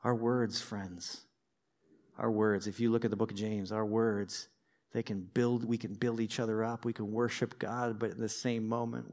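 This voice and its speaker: A man preaching a sermon in a conversational, lively way, with personal stories and light humor. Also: lowish voice, moderate pace. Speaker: pastor.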